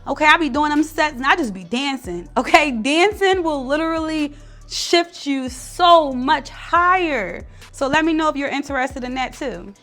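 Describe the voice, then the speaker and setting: Woman vlogging pep talk, blunt and slangy, high-ish voice, soft music underneath. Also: normal speed. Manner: blunt, animated, slangy, emphatic. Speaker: spiritual content creator. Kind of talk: casual motivational talk to camera.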